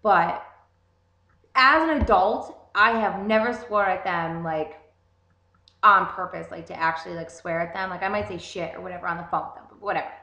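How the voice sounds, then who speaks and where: A young woman telling a story in a casual, animated way, swearing constantly. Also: on the low side, moderate pace, creaky. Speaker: vlogger. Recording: roomy echo.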